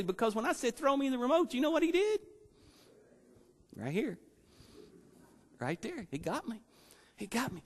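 A man preaching a sermon, telling personal stories in an animated way and acting out the voices he quotes. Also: high voice, long reverb tail. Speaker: lay preacher and schoolteacher.

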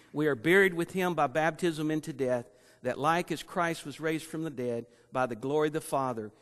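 A man preaching a sermon, telling personal stories in an animated way and acting out the voices he quotes. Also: fairly high pitch, big-room sound. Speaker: lay preacher and schoolteacher.

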